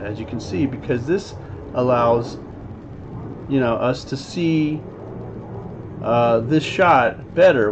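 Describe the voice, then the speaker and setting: A man talks slowly through an animated scene like a teacher, filling gaps with "you know" and "um" and acting out the characters' lines. The recording is a bit dull and lo-fi. A faint noise runs underneath. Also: medium pitch, gravelly. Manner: rambling, many fillers, acts out the characters' lines. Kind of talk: casual scene breakdown. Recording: slightly dull lo-fi audio with faint background noise.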